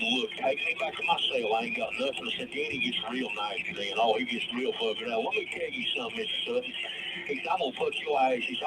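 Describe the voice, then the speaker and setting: A man, a guest in an interview, telling his story in a rambling way, repeating himself and quoting others at length. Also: medium pitch. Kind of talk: casual storytelling. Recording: loud background noise.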